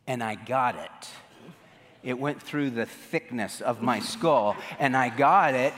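A man tells a marriage story to a live audience. His voice is mid-pitched and carries a long reverb from a large hall. He speaks with animation and acts out what he once said. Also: expressive, slow pace, fairly bright tone, a little hiss or hum.

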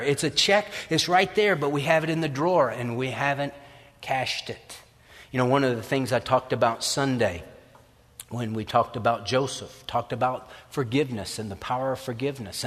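A man preaching a sermon as pastor, lively and acting out the voices of doubters. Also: medium pitch. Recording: reverberant hall.

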